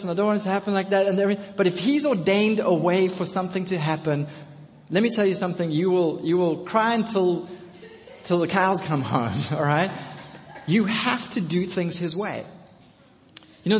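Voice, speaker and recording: A man preaching a sermon to his congregation, telling a story with repeated phrases and building to loud, emphatic calls. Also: high-pitched. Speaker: pastor. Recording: long reverb of a large hall.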